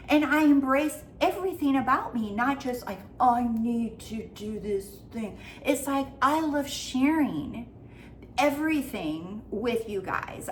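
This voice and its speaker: A woman's voice: mid-range voice, a bit bright, a little hiss or hum. A woman life coach giving a casual motivational talk, goofy, blunt and freely swearing.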